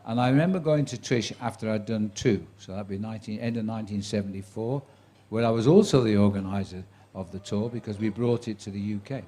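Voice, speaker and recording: Speaking in a warm, somewhat low voice, fairly quickly and with hardly any pauses, a sports commentator in his seventies shares career tales with a live audience. He's a chatty raconteur whose dry wit comes through as he acts out the quoted voices.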